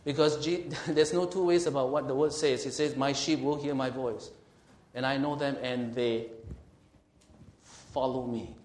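A male pastor preaching an emphatic sermon. He slows and swells on scripture and asks the congregation questions. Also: medium pitch, fairly even intonation, darkish tone. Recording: roomy hall echo.

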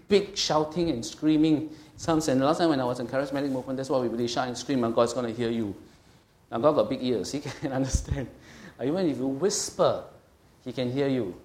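A middle-aged pastor preaches a sermon in an emphatic, conversational style, often pausing to make sure his listeners are following. His ordinary mid-pitched voice is a little mellow, and the room echoes like a church hall.

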